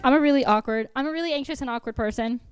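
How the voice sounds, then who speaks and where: A young woman comedian performing a self-deprecating stand-up set with a deadpan delivery on a college TV studio stage. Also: high voice, rapid-fire, soft background music.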